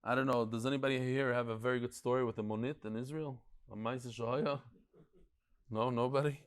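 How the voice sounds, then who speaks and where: A man giving a lively, storytelling class as a rabbi, full of anecdotes and stammered restarts. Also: medium pitch, brisk, clear, resonant tone. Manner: animated, digressive, tells anecdotes and stories; frequent restarts and stammered repeats. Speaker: rabbi teaching a daily Talmud class.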